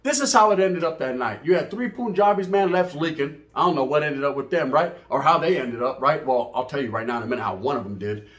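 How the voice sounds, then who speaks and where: A man's voice: fairly high pitch, fast, few pauses, fairly bright tone. A middle-aged man telling a profane, streetwise story to camera as a channel host, mixing in Spanish slang and asking "right?" often. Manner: says "right?" and "you know what I mean?" often. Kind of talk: casual storytelling monologue.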